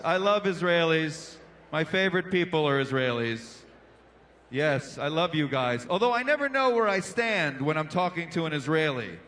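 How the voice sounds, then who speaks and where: A man's voice: a little high, fairly bright tone, slight background noise. A male stand-up comedian and emcee, punchy and playful, riffing with a crowd on a big indoor arena stage through a handheld microphone.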